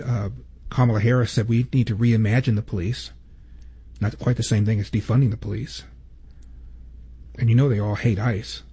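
Male commentary host, mellow and a little breathy, deliberate and emphatic. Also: on the low side. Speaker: talk show host. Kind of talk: commentary introducing clips.

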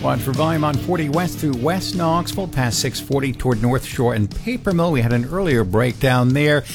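A man giving a brisk, matter-of-fact radio traffic report with a sponsor read. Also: mid-range voice, lively intonation, over music.

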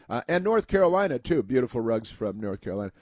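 A man's voice: mid-range voice, very animated, fast, a little mellow, husky, dry recording. Rambling American man on talk radio. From United States. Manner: rambling, many uh fillers, mocking put-on voices. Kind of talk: political talk monologue.

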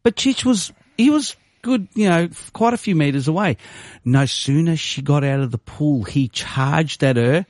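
A man's voice: on the high side, moderate pace, no room sound, studio quality. A male radio host, telling a story in casual chat and acting out the people in it. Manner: animated, swings into quoted voices, laughs easily. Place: radio studio.

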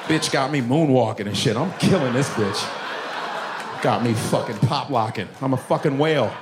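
A man doing a profane stand-up comedy routine, animated, often bursting into shouts. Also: medium pitch, a little slow, pauses often, noisy background.

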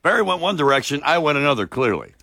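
A man co-hosting a sports talk radio show, telling stories in a rambling, halting way with many fillers. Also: a little high, very animated, creaky, bright, forceful tone, dry recording, studio quality. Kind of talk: casual studio banter.

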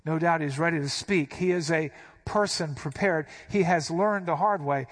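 A man's voice: a little high, moderate pace, fairly bright tone. A man preaching a sermon, explaining scripture with emphatic, dramatic inflections. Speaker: pastor.

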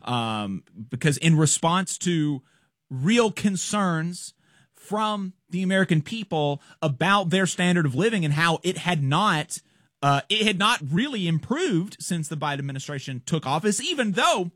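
A man hosting a political commentary show, talking casually, animated and scornful, laughing often. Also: sits high, unhurried, dry recording, studio quality.

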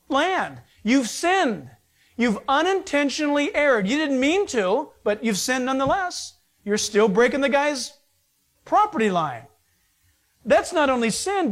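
A male pastor preaching a sermon, animated, voice rising with emphasis and dropping low and quiet at phrase ends. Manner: animated preaching, pitch swings up and down.

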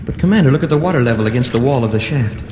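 An eager young space cadet, played by an actor in a 1950s radio serial. He rattles off worried lines at a quick pace. The old recording sounds distant and echoey under heavy hiss. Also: mid-range voice, animated, lightly acted. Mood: anxious. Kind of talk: 1950s radio drama acting.

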